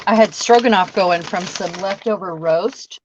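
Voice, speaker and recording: A woman's voice: medium pitch, moderate pace, dull audio, background noise. A woman casually chatting and rambling while she makes cards on a livestream, laughing now and then. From Washington state. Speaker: card-making livestream host. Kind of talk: casual chat while crafting.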